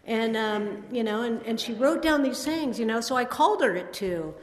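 In an echoey hall with long reverb, a woman in her sixties shares a rambling, self-deprecating recovery testimony at a meeting. Her fairly high voice is expressive and moves at a normal speed, full of fillers and restarts.

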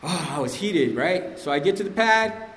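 Man, somewhat high voice, animated slangy testimony to a group, long hall reverb. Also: moderate pace. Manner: animated, slangy storytelling, often addressing the room. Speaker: speaker sharing at a recovery meeting. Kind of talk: personal recovery testimony to a group.

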